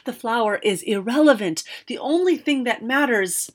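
A woman's voice: on the high side, lively intonation, normal speed, voice pushed up. A woman voicing a cranky, fussy old male wizard in a storybook reading, with a snappish, impatient manner. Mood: irritable.

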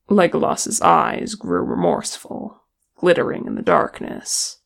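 A reader narrating a fan fiction story at an unhurried pace. The voice is heavily gravelly and creaky throughout. The storytelling stays even and steady. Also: medium pitch. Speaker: audiobook reader.

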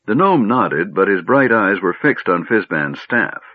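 Deep husky male storyteller. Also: sing-song, no echo. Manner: measured storytelling. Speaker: audiobook narrator. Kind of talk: scripted narration. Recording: narrow phone-like band.

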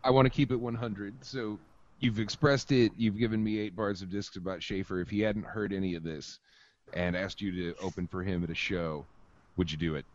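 Wry low-voiced male interviewer. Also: steady tone, fairly quick. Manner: wry, teasing questions. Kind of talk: casual interview. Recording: dull lo-fi audio.

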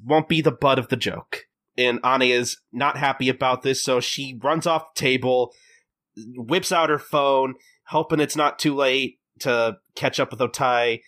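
A man co-hosting a podcast, recapping a manga chapter in casual chat and jumping into high, quoted character voices as he retells the scenes. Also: fairly even intonation, measured pace, a bit bright. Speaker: podcast co-host.

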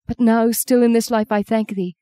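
A woman's voice: on the high side, fairly even intonation, moderate pace, warm tone, clean tone, dry recording, voice pushed up, natural voice. A woman reading the part of a young man dying in the sea, in anguished, pleading prayer, as an audiobook character. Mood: fervent.

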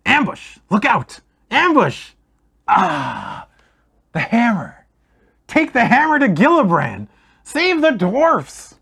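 A man voicing a wounded, delirious old male dwarf warrior who shouts wildly, then fades to a weak whisper. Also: medium pitch, normal speed, lightly acted. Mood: delirious shouting.

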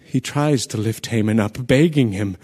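A man's voice: fairly low pitch, moderate pace, darkish tone, natural voice. A man voicing a messenger who vividly recounts a tragedy in a radio drama. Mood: urgent. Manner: vivid storytelling. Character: urgent male messenger telling of tragedy.

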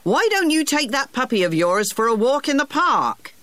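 A storybook narrator voicing a firm, gruff elderly male gardener in a raised, higher voice. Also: very animated, normal speed, fairly bright tone, dry recording.

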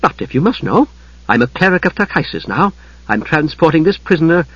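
A lofty, cold young woman cleric, voiced by a man, clipped and haughty, in a somewhat raised register. Husky audiobook read with a dry, slightly dull sound. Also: sits high, animated, a little slow, fairly bright tone, no room sound, voice pushed up, exaggerated voice. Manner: haughty and curt.

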